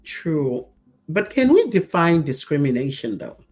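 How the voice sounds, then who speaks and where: A woman co-hosting a casual talk show, telling stories with lively quoted voices and frequent laughs. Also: low-pitched, a little slow. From Zambia. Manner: animated storyteller, acts out quoted voices, laughs often. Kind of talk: casual chat.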